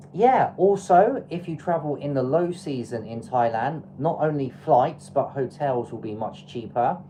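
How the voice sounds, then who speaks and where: An English woman with an unusually deep, low voice chats her way through a travel livestream. She hands out tips in a loose, rambling style with plenty of ums. Her tone is mellow and soft-edged. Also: slight background noise, low-quality recording. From England. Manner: chatty, advice-giving, loose with fillers. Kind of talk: casual livestream chat.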